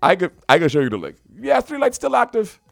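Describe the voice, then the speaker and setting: Man hosting a lively radio show. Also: high-pitched, quick pace, creaky, faint music behind. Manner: lively, laughing, playful banter in local dialect. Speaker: radio host. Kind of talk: casual radio chat. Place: radio studio.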